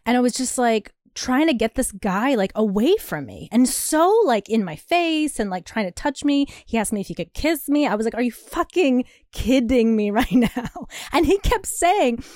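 Podcast lady chatting, slightly high voice, laughs a lot, acts out quotes, dry close mic. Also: moderate pace, hardly any pauses, no room sound. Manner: animated storytelling, laughs often, acts out quotes. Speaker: podcast co-host. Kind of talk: casual chat. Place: Brooklyn apartment.

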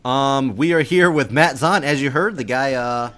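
Young male podcast host, bright tone, loose chatty delivery. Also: medium pitch, moderate pace. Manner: laid-back, laughs often, trails off with fillers. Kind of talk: casual podcast chat.

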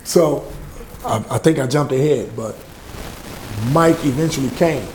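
A middle-aged man, a music producer telling lively anecdotes in an interview and acting out the people he quotes. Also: mid-range voice, a little slow, echoey room, slight background noise. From Louisiana. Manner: lively anecdotes, acts out quoted voices, laughs often. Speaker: music producer and label head, interview guest. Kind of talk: animated storytelling in a podcast interview.

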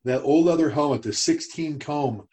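A middle-aged man co-hosting a casual talk show, telling stories and getting animated when he quotes others. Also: on the high side, moderate pace. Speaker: podcast co-host. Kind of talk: casual conversation.

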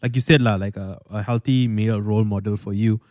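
A man hosting a casual interview podcast, relaxed and easygoing. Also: lowish voice, quick pace, no echo, clean studio sound. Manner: relaxed, brief backchannels, easygoing. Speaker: podcast host.

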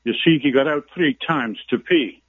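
A man's voice: medium pitch, moderate pace, heavy background noise, lightly acted. A man telling a joke, voicing an Irish brewery man who breaks sad news to a widow, over a muffled phone line. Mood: deadpan. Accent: put-on Irish. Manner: storytelling joke delivery.

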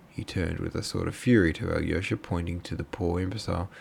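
Tired guy reading a novel out loud, low gravelly voice, stumbles on names. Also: fairly even intonation, quick pace. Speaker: audiobook reader. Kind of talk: amateur book reading.

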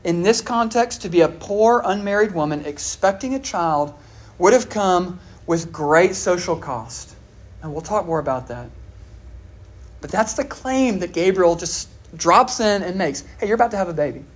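Speaking a little slowly, a preacher with a medium pitch and lively intonation delivers a conversational sermon full of questions aimed at the audience. Many fillers, especially "all right" and "uh," appear throughout.

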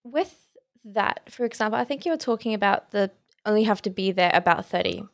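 A woman's voice: mid-range voice, a little fast, gravelly, dry recording, clean studio sound. A young woman hosting a parenting podcast, asking long, hesitant questions full of "sort of". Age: young adult. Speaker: podcast host. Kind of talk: conversational podcast interview.

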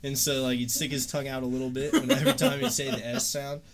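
A man's voice: mid-range voice, big pitch swings, quick pace, a loud crowd. Laid-back young guy telling stories. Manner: laid-back, swearing, laughing storyteller. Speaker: livestream host. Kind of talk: casual chat.

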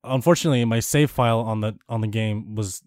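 A man's voice: on the low side, quick pace, a little mellow, no room sound, clean studio sound. A young man on a podcast, chatting casually about games and rambling with restarts and fillers. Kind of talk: casual gaming chat.

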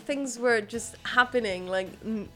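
A woman's voice: fairly high pitch, measured pace, pushed and bright, soft background music. A woman hosting a podcast, mixing read-out notes with casual, hesitant chat that is full of fillers. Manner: chatty, hesitant, many fillers. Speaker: podcast host.

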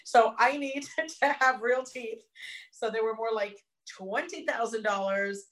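Middle-aged woman, interview guest, lively storyteller who acts out the dialogue; roomy, echoey sound. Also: a little high, unhurried. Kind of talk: personal storytelling. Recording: echoey room.

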